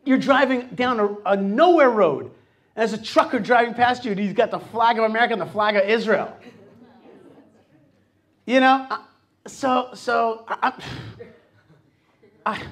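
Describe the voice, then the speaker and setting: A middle-aged man hosting a talk show, telling stories in a lively, animated way and acting out what people said to him. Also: extremely high pitch, measured pace, pauses often. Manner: animated storytelling, acts out quotes. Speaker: host. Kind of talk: casual radio talk.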